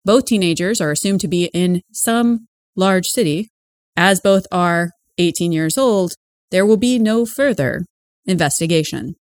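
A woman voicing a radio news reader with an even, formal delivery. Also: on the low side, measured pace, no echo, studio quality.

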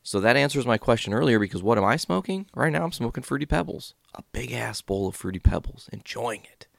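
A man's voice: mid-range voice, animated, brisk, creaky, no room sound, clean studio sound. A man hosting a podcast, stoned and rambling through a casual story in a laid-back, swearing way. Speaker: podcast host.

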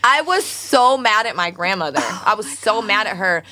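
A woman's voice: mid-range voice, normal speed. A woman co-hosting a podcast, telling a story with lots of swearing and acting out everyone's lines. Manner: profane, animated storyteller, acts out quotes. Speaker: podcast co-host. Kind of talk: casual storytelling chat.

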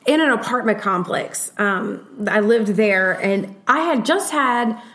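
A woman co-hosting a podcast, telling a personal story in an animated, casual way with lots of fillers. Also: fairly high pitch, slow pace, echoey room. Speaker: podcast co-host.

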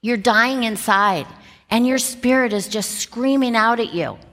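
Middle aged woman telling her story on stage, keeps laughing, speeds up and slows down, big echoey hall. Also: a little high. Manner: animated, laughs often, shifts pace for emphasis. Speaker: motivational speaker. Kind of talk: storytelling keynote talk. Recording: long reverb from a large hall.

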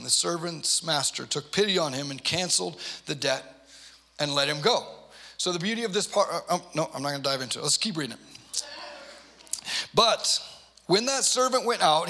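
A pastor delivering a sermon in a conversational way, reading scripture aloud and often restarting with repeated words. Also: male voice, sits high, vocal fry, sharp tone.

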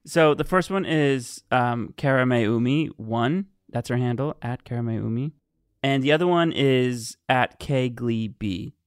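A man's voice: mid-range voice, measured pace, clean tone, no room sound, studio quality. A man co-hosting a podcast in casual chat, talkative and laughing often with many fillers. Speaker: podcast co-host.

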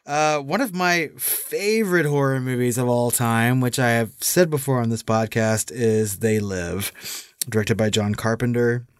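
A male podcast co-host chats casually and with enthusiasm, often breaking into laughter. His voice sits at a middle pitch and is recorded dry and close. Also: unhurried, smooth, dry recording. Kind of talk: casual chat.

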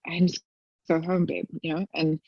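A woman's voice: little pitch movement, a little fast, creaky, no room sound, dull audio. A young woman in casual chat as a guest, telling stories and acting out quotes in a raised voice. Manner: chatty storyteller, acts out quotes in a high voice.

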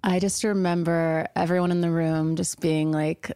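A woman speaks as a podcast guest in a low, flat, fry-laden voice. Her tone is dark and mellow, and she often stops to say "like" and "you know". The sound is dry and close. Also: normal speed, no echo. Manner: soft-spoken, many "like" and "you know" fillers. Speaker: interview guest. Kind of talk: casual interview.

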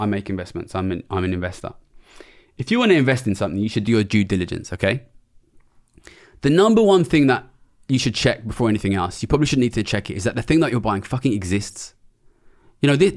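Fast, blunt, sweary man. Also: mid-range voice. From England. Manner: blunt, sweary and passionate, quick-fire. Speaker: economist and former trader, guest. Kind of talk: interview.

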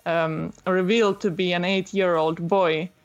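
A woman's voice: fairly low pitch, fairly even intonation, unhurried, dull audio. Chatty woman with a voice. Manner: chatty, many fillers, laughs while telling a story. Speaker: podcast guest recommending a manga. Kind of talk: casual chat.

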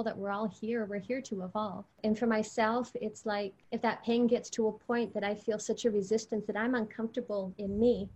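Calm reflective woman guest. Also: mid-range voice. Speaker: podcast guest. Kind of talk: reflective spiritual conversation.

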